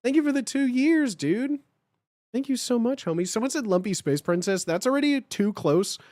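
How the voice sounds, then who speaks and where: Animated, high-voiced young streamer. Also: male voice, normal speed, no echo. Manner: animated, swears a lot, laughs often. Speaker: livestream host. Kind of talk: casual live stream chat, reading chat.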